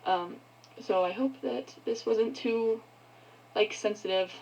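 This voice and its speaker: A woman's voice: fairly high pitch, a little mellow, a little hiss or hum, low-quality recording. A woman ranting angrily to her viewers, swearing often and breaking off mid-sentence. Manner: angry, swearing, halting. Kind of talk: heated rant to camera.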